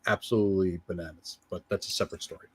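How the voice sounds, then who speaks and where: A man co-hosting a casual movie review chat, animated and quick to slip into playful mock voices. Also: deep voice, slightly rough. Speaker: podcast co-host.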